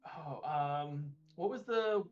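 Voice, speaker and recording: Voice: medium pitch, takes it slowly, a little mellow, highs cut off. A player in a tabletop game, talking in a rambling, casual way.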